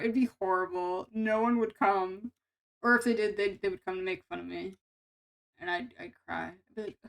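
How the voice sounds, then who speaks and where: A woman's voice: medium pitch, a little fast, fairly bright tone, poor audio. A young woman VTuber chatting casually with her stream viewers, playful and self-mocking, tripping over her words.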